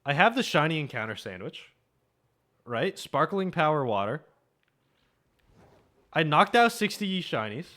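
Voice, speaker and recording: Young male streamer, slightly high voice, casual joking chat, swears a lot, desk mic. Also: very animated, measured pace, long pauses, sharp tone.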